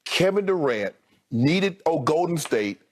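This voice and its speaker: A man's voice: fairly high pitch, sing-song, takes it slowly. A man co-hosting a heated sports debate, arguing emphatically and cutting in again and again. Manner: emphatic, interrupts, repeats name to cut in.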